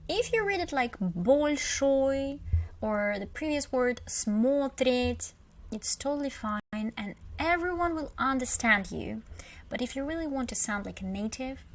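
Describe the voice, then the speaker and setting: A woman's voice: on the high side, animated, normal speed. A woman with a Russian accent teaching a beginner language lesson, patiently repeating example words with emphasis.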